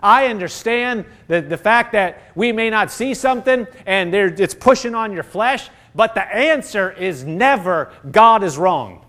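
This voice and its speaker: A man's voice: high voice, animated, unhurried, hardly any pauses, fairly bright tone. A middle-aged man preaching a sermon, emphatic and building into fervent quoted prayers.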